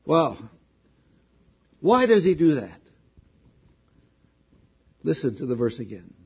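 Male preacher, slow delivery, husky voice, dull lo-fi recording. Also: a little high. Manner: slow, deliberate preaching that swells with excitement on key points. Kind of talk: sermon.

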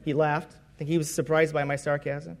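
High-voiced man preaching a testimony. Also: flat delivery, fairly quick, gravelly. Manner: conversational storytelling with self-corrections. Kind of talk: personal testimony sermon.

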